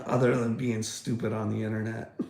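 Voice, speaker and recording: Man on a livestream, mocking and profane, laughs a lot, gravelly voice, roomy echo. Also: lowish voice, flat delivery, normal speed, a little mellow. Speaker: livestreamer talking to chat. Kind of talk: casual livestream chat.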